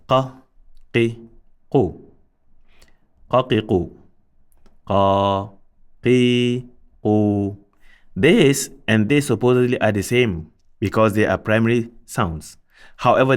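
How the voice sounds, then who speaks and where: A man teaching Arabic letter sounds, speaking in a measured way and repeating syllables slowly and deliberately. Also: on the low side. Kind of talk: slow step-by-step pronunciation lesson.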